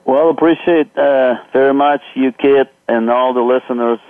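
A man with a Russian accent, speaking English as a second language, talks haltingly as a radio guest. He comes through a narrow, tinny phone line. The sound is dry and close, and his pitch sits mid-range. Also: steady tone, smooth, dry recording. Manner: halting, hesitant with many uh fillers.

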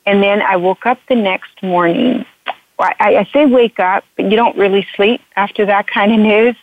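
A woman's voice: mid-range voice, steady tone, normal speed, no echo. A woman author and couples counselor telling her story in an interview, earnest and emotional, often repeating herself. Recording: dry tinny phone line.

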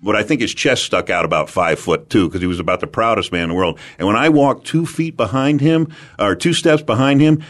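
A man from the United States, an animated and emphatic storyteller, giving sales advice as an interview guest. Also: lowish voice, fairly quick.

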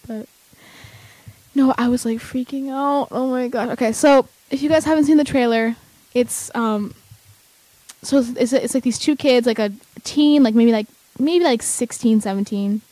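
A young woman chatting casually as a vlogger, excitable and rambling with lots of fillers. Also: a little high, normal speed, dry recording, rough recording. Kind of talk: casual chat.

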